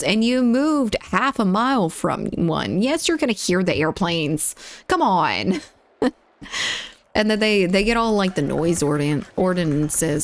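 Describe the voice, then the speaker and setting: Low-voiced woman streamer chatting. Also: a little hiss or hum. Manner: rambling, chatty, reacts to the game and chat mid-sentence. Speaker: game streamer. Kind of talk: casual chat while gaming.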